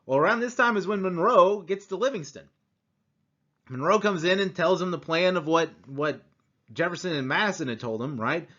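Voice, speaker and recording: Brief: lively male history teacher, somewhat high voice, slightly muffled recording. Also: moderate pace. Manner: animated, acts out quotes, rhetorical asides. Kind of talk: conversational history lecture.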